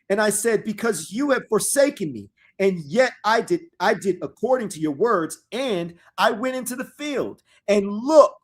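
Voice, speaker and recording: Animated man reading scripture slowly. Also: high voice. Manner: reads verses in a raised, dramatic voice, then drops to slangy asides. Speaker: Bible study teacher. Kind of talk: reading scripture aloud with casual commentary. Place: live online stream.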